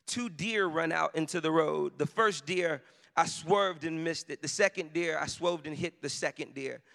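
A man preaching in a church, with a high, bright voice. He tells his story conversationally and pushes into shouted emphasis. His voice rings with the long reverb of a big hall. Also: normal speed, vocal fry. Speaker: pastor. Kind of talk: sermon with personal story.

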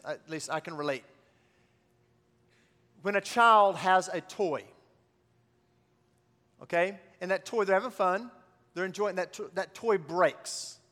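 A man's voice: high voice, fairly bright tone, long reverb tail. A man preaching a sermon as pastor, building to call-and-response refrains.

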